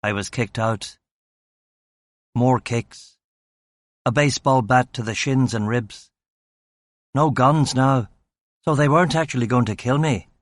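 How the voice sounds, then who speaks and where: A man's voice: medium pitch, a little slow, long pauses, no room sound, studio quality. A male audiobook narrator reading first-person crime fiction in a terse, clipped style. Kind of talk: scripted narration.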